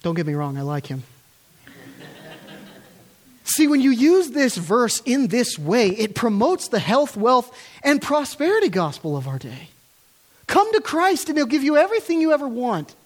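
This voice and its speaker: A man's voice: very high-pitched, wildly swooping pitch, moderate pace. Guy preaching a sermon, voice swoops up and down a lot, earnest and emphatic. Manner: earnest, emphatic, with rhetorical questions. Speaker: pastor. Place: church.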